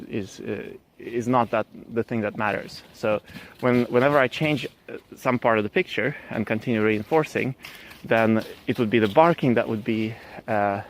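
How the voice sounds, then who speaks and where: A man explaining his dog training approach in a casual, thinking-aloud way, with plenty of fillers and restarts. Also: lowish voice.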